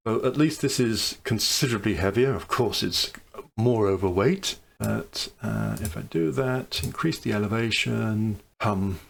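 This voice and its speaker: A man's voice: lowish voice, creaky. A man giving casual commentary on a strategy game he is playing, thinking aloud over each choice with dry, wry asides. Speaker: let's play commentator.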